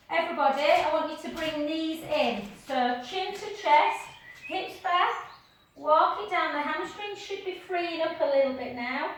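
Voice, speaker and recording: A woman with a high voice coaching a pilates class at an unhurried pace. Her cues come gently and steadily, mixed with chatty asides. She sounds far from the mic in a very echoey room, with a faint hiss behind her. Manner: slow, gentle cueing with counting, chatty asides. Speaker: pilates instructor. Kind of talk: live online class instruction. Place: home room with dog nearby. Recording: echoey room heard from a distance.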